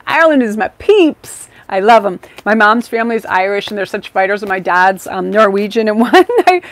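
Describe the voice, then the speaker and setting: A woman's voice: fairly high pitch, no room sound. A woman hosting a live-stream tarot reading, talking in an effusive, rambling, chatty way with many fillers.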